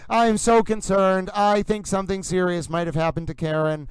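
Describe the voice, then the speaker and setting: A man hosting a livestream wrap-up, talking fast and theatrically in ornate, grandiose phrases. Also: high voice, little pitch movement, clean tone, no echo, poor audio. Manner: fast, theatrical, florid wording with grand flourishes. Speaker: livestream host. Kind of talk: animated livestream wrap-up commentary.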